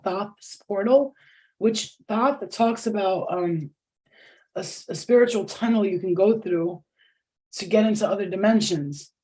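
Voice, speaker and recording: A woman's voice: medium pitch, mellow. A middle-aged woman hosting a live spiritual reading, talking casually, swearing, restarting sentences and laughing often. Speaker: tarot reader.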